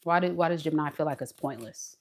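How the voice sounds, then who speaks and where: Animated woman giving a tarot reading. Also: low-pitched, fast, slight background noise. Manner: expressive, talks to viewer directly, voices the other person's thoughts dramatically. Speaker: tarot reader. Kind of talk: casual tarot reading monologue.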